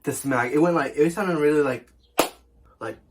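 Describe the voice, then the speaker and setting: A man's voice: a little high, moderate pace, very noisy. A young man telling a casual storytime as a vlogger, chatty and full of fillers, swearing often.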